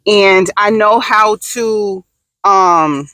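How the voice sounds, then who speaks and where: A woman's voice: medium pitch, drawn-out words, sharp tone, dry recording, low-quality recording. A woman, talking casually in a personal vlog, rambling and repeating herself with many restarts. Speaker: vlogger.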